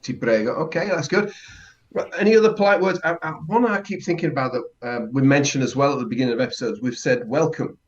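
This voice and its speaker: A man's voice: medium pitch, quick pace, dull audio. A man co-hosting a casual podcast lesson as the learner, curious and hesitant, often restarting sentences. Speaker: co-host and learner.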